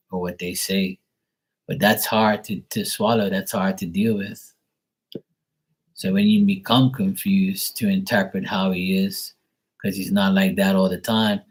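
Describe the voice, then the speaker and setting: A man's voice: deep voice, husky, rough recording. Rambling, chatty man on a livestream. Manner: rambling, chatty, swears freely, laughs often. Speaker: tarot reader. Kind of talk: casual live-stream talk.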